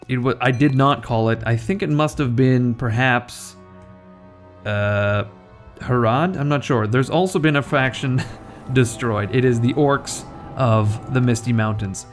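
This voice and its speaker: A young man giving casual, rambling game commentary, joking and self-deprecating as the host. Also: mid-range voice. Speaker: gaming video host.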